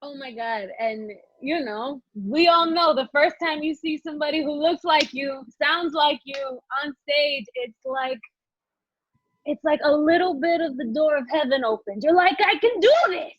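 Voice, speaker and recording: A woman guest telling a story emotionally and excitedly over a video call from her phone. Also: sits high, measured pace, dry recording, dull audio. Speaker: podcast guest. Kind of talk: casual video-call chat.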